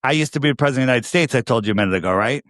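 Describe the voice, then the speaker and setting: A man with a New York accent talks in a casual interview, insistent and repetitive, peppering his points with rhetorical questions. His voice sits at an ordinary pitch. The sound is dry and close. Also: animated, racing, fairly bright tone, dry recording. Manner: emphatic, repeats phrases, asks rhetorical questions. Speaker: podcast guest.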